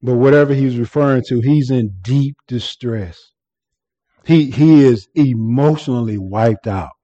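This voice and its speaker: A man's voice: medium pitch, unhurried, mellow, lo-fi sound. A man preaching an earnest expository sermon, often repeating words and restarting as he explains the text.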